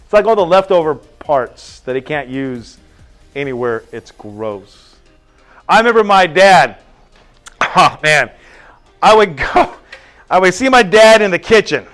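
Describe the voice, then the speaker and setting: An animated male teacher speaks in a high voice that swoops up and down, telling stories and peppering the class with quick questions. Faint music sits behind him. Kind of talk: classroom lecture.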